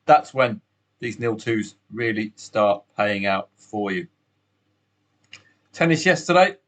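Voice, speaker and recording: A man's voice: fairly low pitch, lively intonation, slow pace, a bit bright. A man hosting a solo betting podcast, chatty and upbeat, with asides to the listener.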